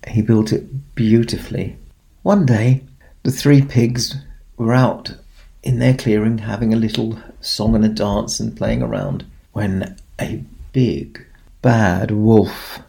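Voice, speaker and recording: A man telling a children's story in a gentle, expressive way, with dramatic pauses. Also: mid-range voice, gravelly, slightly rough. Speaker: storyteller in a Santa persona.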